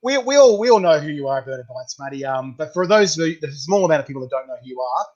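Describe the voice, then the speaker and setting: A man's voice: on the high side, animated, fast, a little mellow, lo-fi sound. A man with an Australian accent hosting a casual video interview, full of slangy banter and laughs. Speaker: host.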